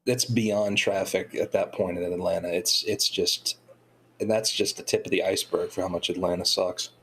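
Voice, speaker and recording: A man's voice: low voice, steady tone, normal speed, fairly bright tone, a little hiss or hum, low-quality recording. A man from North Georgia, chatting casually and bluntly, with a lot of swearing. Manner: profane and blunt. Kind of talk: casual chat.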